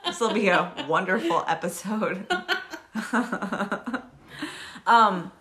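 A woman in her thirties co-hosting a casual chat podcast, excitable and laughing often, swearing freely. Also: mid-range voice, extremely slow, crowd noise. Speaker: podcast co-host.

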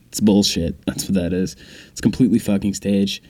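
A man's voice: sits low, steady tone, normal speed, dark tone. Exasperated, profane male comedian. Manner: profane, exasperated, acts out scenes. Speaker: stand-up comedian. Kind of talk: stand-up comedy bit.

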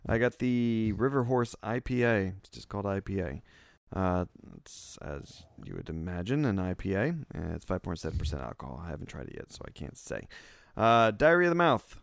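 A man's voice: deep voice, animated, brisk, gravelly, hardly any pauses, a little mellow, no echo, studio quality. A man hosting a casual beer podcast, loose and jokey, laughing often. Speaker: podcast host.

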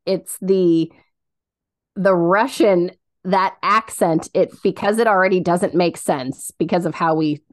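A woman co-hosting a casual faith podcast, chatty and quick to laugh as she tells stories. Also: on the low side, no echo, clean studio sound. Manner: giggly, laughs often while telling stories. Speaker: podcast co-host.

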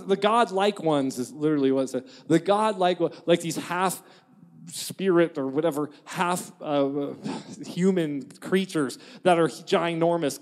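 A man preaching a sermon in an animated, joking way, acting out quotes and laughing at his own jokes. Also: a little high. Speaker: pastor. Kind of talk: lively sermon. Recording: long reverb of a large hall.

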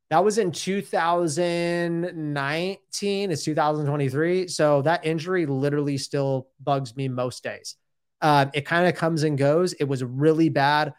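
A man in his thirties telling his own story in a casual, rambling and candid way, often saying "dude" and "like". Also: a little high.

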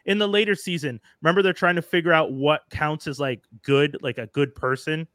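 This podcast co-host talks in a brisk, somewhat high voice with fairly even intonation and a touch of brightness. Casual and eager, he gabs about shows and actors using plenty of slang. It's a clean studio recording without any room sound.

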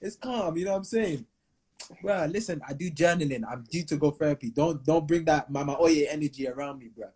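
Young guy on a podcast, husky voice, a bit high, lots of slang and joking. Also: brisk. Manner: animated, slangy, does playful voices and laughs often. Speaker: podcast co-host. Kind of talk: casual podcast banter.

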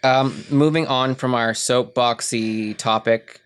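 Relaxed podcaster reading gaming news. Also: medium pitch, slow, smooth. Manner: relaxed, reads news items conversationally. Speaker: podcast host. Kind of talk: casual gaming news chat.

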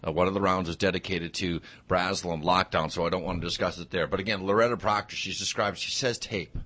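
A man with a very deep, forceful voice argues his case in a casual debate. He tells it like a story and slips in sarcastic jabs. He stays loose and conversational. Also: fairly even intonation, fast.

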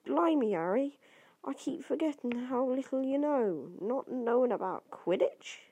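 A woman's voice: high voice, expressive, a little slow, dark tone, slightly rough, pitched above the performer's own voice, full character voice. A woman voicing a kindly half-giant man in an amateur audiobook reading, homely and reassuring, sometimes stumbling.

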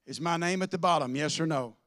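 A man preaching a sermon to a congregation, swinging from loud declarations to soft asides. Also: a little high, quick pace. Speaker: pastor. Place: church with a congregation.

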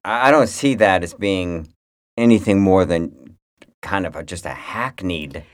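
A man with a very low voice grumbles bluntly through a casual podcast chat. He swears freely and talks in halting restarts. The sound is close and dry. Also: no echo. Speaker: podcast co-host.

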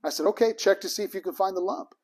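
A man's voice: sits high, quick pace, a little mellow, husky. A man teaching a ministry training group in a casual, emphatic way, acting out both sides of the conversations in his stories.

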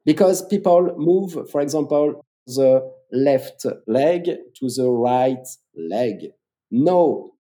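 A man with a French accent explains public speaking techniques as a coach. His pitch swings widely as he stresses words, and he often repeats them for emphasis. His tone is dark and mellow. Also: expressive, slow. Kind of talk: explaining in an interview.

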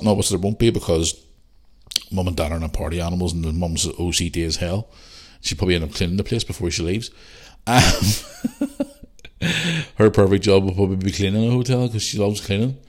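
A Northern Irish man rambles through a family story with a deep, low voice. He swears freely and talks loosely, like a casual podcast chat. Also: brisk, pauses often. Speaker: podcast host.

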